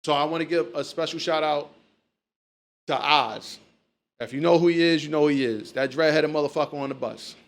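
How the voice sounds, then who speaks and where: A man's voice: a little high, fairly quick. A man hosting a casual chat, telling stories loosely and swearing freely. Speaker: podcast host.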